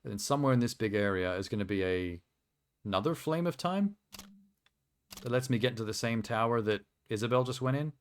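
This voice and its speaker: A man's voice: mid-range voice, lively intonation, brisk. A man streaming a video game, chatting casually and rambling through asides with a self-deprecating humor. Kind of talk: casual live-stream commentary.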